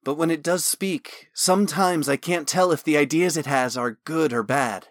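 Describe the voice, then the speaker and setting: Storybook role: an intense, haunted young nobleman, high and forceful, delivered dry and close, as a male narrator puts him on. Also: moderate pace, no echo, lightly acted. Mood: earnest confession. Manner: impassioned, earnest. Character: troubled wealthy young man, haunted and intense.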